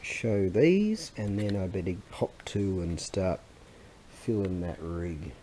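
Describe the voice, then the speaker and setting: A man's voice: sits low, expressive, slow, very noisy. A middle-aged man, chatting casually and rambling in a vlog, often losing his thread and laughing. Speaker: vlogger and antiques seller.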